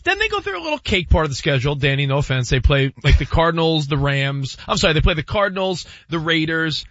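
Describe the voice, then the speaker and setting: A man on a sports talk show, animated, laughing and arguing his point. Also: on the high side, fast talker, dry recording, lo-fi sound.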